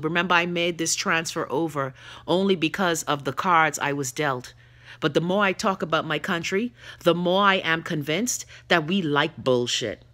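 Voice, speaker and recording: A woman's voice: low voice, pushed and bright. A Bahamian woman hosting a live web show, ranting bluntly and profanely while she reads viewer comments. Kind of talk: livestream rant while reading viewer comments.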